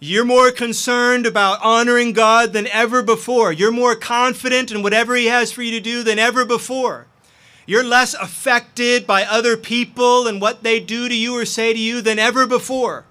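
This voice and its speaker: A man's voice: very high-pitched, fairly even intonation, moderate pace, pushed and bright. A man preaching a sermon as pastor, earnest and impassioned.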